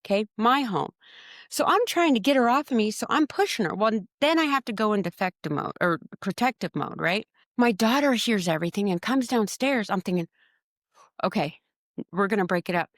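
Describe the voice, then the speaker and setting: A woman, a podcast guest, tells a personal story in an emotional, animated way. She acts out her own quoted words and often repeats or restarts them. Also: on the high side, fairly quick, no echo, clean studio sound.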